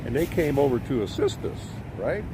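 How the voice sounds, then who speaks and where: A man's voice: mid-range voice, sing-song, moderate pace. A man telling a long story to his own camera at a boat launch, folksy and rambling with plenty of fillers. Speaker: widower vlogger. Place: outdoors at a boat launch by a creek. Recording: outdoor noise with traffic behind.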